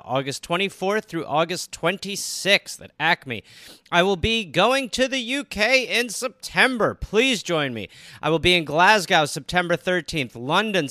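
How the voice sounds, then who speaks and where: A man's voice: high voice, clear, resonant tone, no room sound, clean studio sound. A man co-hosting a comedy podcast, chatting jokily and reading plugs for his shows. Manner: jokey, animated, breaks into laughs. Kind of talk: casual comedic chat and ad read.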